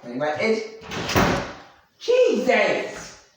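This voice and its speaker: A man's voice: high voice, animated, a little slow, background noise. A man animatedly telling a rambling story about himself in the third person, filmed by someone else. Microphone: camera filmed by someone else. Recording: very echoey room, mic far off.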